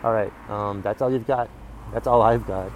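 A man's voice: on the low side, steady tone, normal speed, a little hiss or hum, poor audio. A man hosting a comedy podcast alone, talking outdoors in public in a profane, grumbling, ranting way. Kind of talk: casual solo podcast rant.

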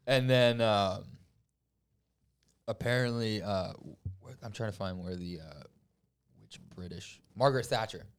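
A man's voice: on the low side, measured pace, pauses often, smooth. A man in casual chat, recounting a history story in a rambling way with fillers and swearing.

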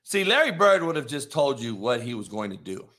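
A man giving a heated, profane sports rant, repeating himself and now and then breaking into shouts. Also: mid-range voice, sing-song, brisk. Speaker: sports commentator.

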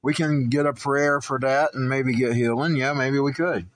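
A man's voice: medium pitch, fairly even intonation, moderate pace, slight background noise. A man who hosts a political talk show, rambling through personal stories and news commentary, stumbling and restarting, and growing heated.

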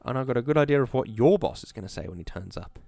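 A man's voice: mid-range voice, animated, quick pace, vocal fry, mellow, dry recording. A man reading the lines of a defiant, sarcastic young mill worker, with a cocky, mocking delivery.

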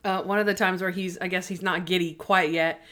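A woman co-hosting a podcast in casual chat, animated and quick to act out lines from an episode. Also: on the low side. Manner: animated, quotes characters in quick bursts. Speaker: podcast co-host.

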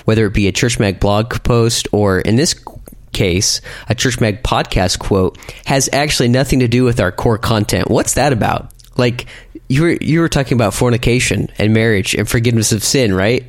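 A man hosting a podcast in casual chat, relaxed, reading out listener comments. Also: medium pitch, moderate pace, dry recording. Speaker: podcast host.

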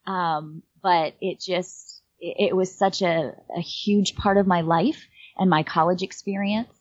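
Low-voiced woman telling a story. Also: steady tone, unhurried, no echo. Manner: rambling, fills with um and like. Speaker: guest. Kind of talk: casual storytelling. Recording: dull, slightly lo-fi dry sound.

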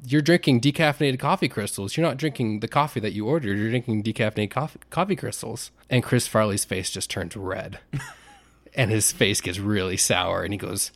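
A young man chatting on a podcast, animated as he retells a scene and acts out the quoted lines, sometimes jumping into shouts. His pitch sits in a middle range for a man, and his talk stays loose and conversational. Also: fairly quick. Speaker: podcast co-host. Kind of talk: casual podcast chat.

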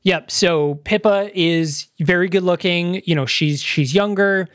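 Male podcast co-host, fairly high voice, dry close sound, loose rambling movie-review chat. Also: a little slow, a bit bright, dry recording. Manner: rambling, filler-heavy retelling with lots of "like" and "you know".

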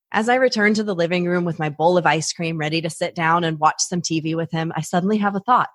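Woman podcast host, lowish voice, lively and self-mocking, dry close mic. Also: fast talker, hardly any pauses, no echo. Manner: animated, acts out her own anxious inner voice. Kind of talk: personal podcast monologue.

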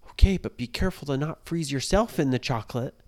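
A man's voice: on the high side, expressive, quick pace, natural voice. Man doing a worried young boy. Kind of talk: bedtime story voice.

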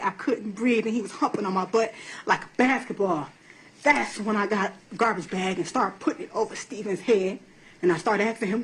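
A woman's voice: mid-range voice, husky, rough recording. Blunt woman testifying in court. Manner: blunt, profane, emotional storytelling. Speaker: defendant in court.

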